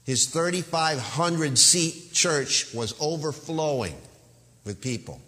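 A man's voice: fairly high pitch, expressive, takes it slowly, pushed and bright, in a large hall. A male pastor preaching an earnest, emphatic sermon with a warning tone.

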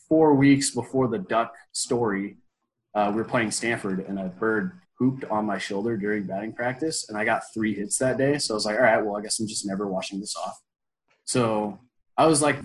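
A man in his twenties telling a story as an interview guest, animated and full of fillers, bursting into loud quoted pep talks. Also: on the low side, poor audio. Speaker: former college baseball player, guest.

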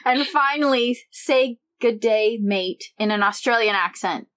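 A woman co-hosting a podcast, asking quick questions in a cheerful, laughing way. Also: on the high side, fairly bright tone. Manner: upbeat, laughs often. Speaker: podcast co-host. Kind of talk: casual interview chat.

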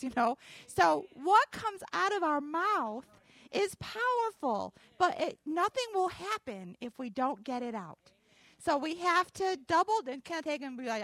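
Woman pastor, high and very animated voice, folksy storyteller, dry close sound. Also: normal speed, no echo. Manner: folksy storytelling with emphatic declarations. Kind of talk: sermon with personal story.

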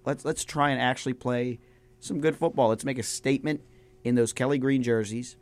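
A young man co-hosting a college sports radio show in a studio, joking around and animated. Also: mid-range voice, brisk. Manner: joking, nervous-sounding picks, animated. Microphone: studio microphone with headphones.

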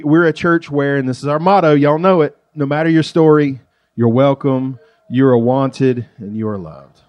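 Man, pastor, casual joking sermon, raised pitch, dry close mic. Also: darkish tone, dry recording. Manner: folksy, joking, conversational preaching. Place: church.

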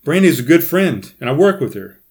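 A man's voice: a little high, very animated, a little fast, a little mellow, voice pushed up. A man reading aloud as a nervous coworker who insists on confessing, in a slightly raised, strained voice.

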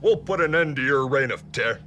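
A man voicing a grandly overconfident male superhero in a booming, declamatory manner. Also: lively intonation, fairly quick, sharp tone, slight background noise. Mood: grandiose.

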